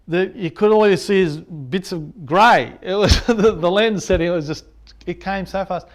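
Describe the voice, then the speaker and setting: Man telling a lively story. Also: sits high. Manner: animated, acts out sounds and reactions. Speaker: landscape photographer. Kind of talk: storytelling anecdote.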